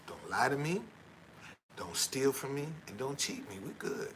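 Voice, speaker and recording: A man's voice: mid-range voice, animated, normal speed, fairly bright tone, a little hiss or hum, rough recording. A middle-aged man chatting casually on a livestream, rambling and repeating himself, tagging his lines with "man" and earnestly preaching about honesty. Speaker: tour guide and former van driver.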